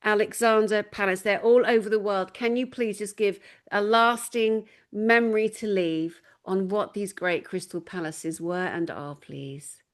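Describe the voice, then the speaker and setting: A woman hosting an interview, chatting casually and telling stories with animated exclamations and laughter. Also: medium pitch, a little slow. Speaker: host.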